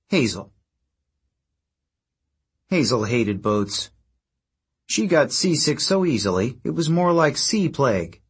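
A man reads an audiobook in a steady, scripted storytelling manner. His voice is husky and mid-pitched. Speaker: audiobook narrator. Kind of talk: scripted narration.

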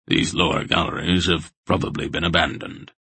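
A man voicing a cautious, gruff old man who leads the group, speaking low, terse and matter-of-fact. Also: level tone, moderate pace, sharp tone, no echo, full character voice. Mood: quiet, grave.

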